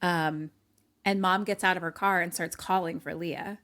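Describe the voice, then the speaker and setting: A young woman co-hosting a casual podcast, retelling a film scene by scene and acting out the characters' lines, with many fillers. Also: normal speed. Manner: animated storytelling, acts out lines in a higher voice, many "like" fillers. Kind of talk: casual chat.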